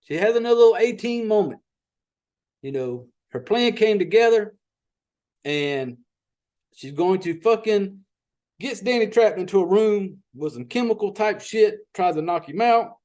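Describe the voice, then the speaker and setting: A man's voice: high voice, lively intonation, darkish tone. A man giving a casual, profane, rambling recap of a horror film as a podcast host. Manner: rambling, profane, folksy storytelling with quick asides.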